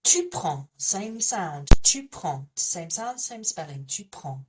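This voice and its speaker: A woman presenting a language lesson as a French teacher, explaining patiently and repeating French words slowly to model how they sound. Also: fairly low pitch, lively intonation, recorded from a distance, heavy background noise.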